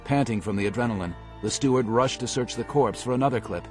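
A man giving a steady, measured scripted audiobook narration. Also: medium pitch, faint music behind.

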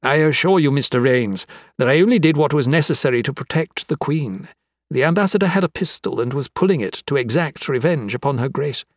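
A man as an earnest young marksman who explains himself steadily, in the narrator's own middle-pitched voice. The reading is dry and close, a plain storybook delivery. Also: animated, a little fast, no echo, natural voice.

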